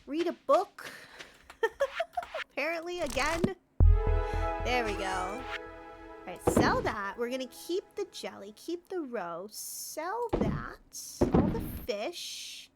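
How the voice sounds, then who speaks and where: A woman's voice: high voice, sing-song, slow, loud music behind the voice. A woman game streamer chatting casually and giggling while she plays, talking to her viewers by name. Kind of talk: casual live-stream chat while gaming. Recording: loud background noise with clicks.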